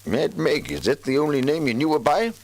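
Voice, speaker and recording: An actor playing a brisk, businesslike police officer in a 1950s radio drama. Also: male voice, a little high, very animated, vocal fry, slight background noise.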